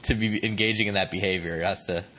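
A man's voice: fairly low pitch, fairly even intonation, fast talker, bright, forceful tone. A man hosting a podcast, talking candidly and reflectively, swearing casually. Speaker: podcast host. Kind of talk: conversational podcast interview.

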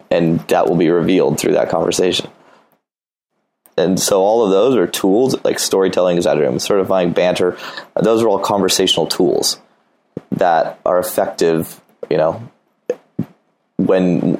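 Gravelly deep-voiced man giving blunt advice. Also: a little mellow, rough recording. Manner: blunt, profane, acts out dialogues. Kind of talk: casual advice talk.

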